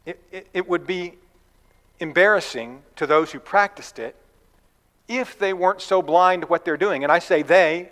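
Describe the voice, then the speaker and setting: A man delivering a sermon in a church, his voice sitting a little higher than most men's. He talks in a relaxed, conversational way, with folksy asides. The hall gives it a long, ringing reverb. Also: normal speed. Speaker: preacher.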